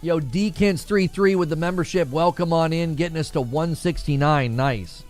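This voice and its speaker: A man's voice: a little high, normal speed, soft background music. A man hosting a casual gaming livestream, reading chat and talking back to it, laughing often.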